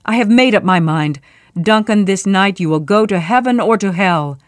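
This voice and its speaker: A woman's voice: fairly low pitch, lively intonation, moderate pace, dry recording, clean studio sound, natural voice. A woman doing a troubled, wavering nobleman. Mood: frantic. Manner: mumbling, fretful, at times urgent.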